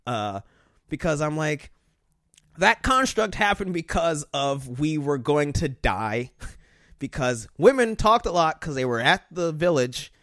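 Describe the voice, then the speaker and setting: A man's voice: on the high side, lively intonation, a little slow, fairly bright tone, no room sound, clean studio sound. A man rambling crudely in casual podcast chat, acting out voices in his stories.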